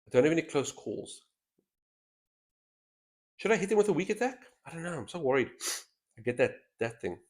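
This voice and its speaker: A man's voice: a little high, very animated, a little fast, pauses often. A man hosting a solo board game stream, thinking aloud as he weighs each move in casual commentary on a headset mic. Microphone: headset mic with a straw-like boom.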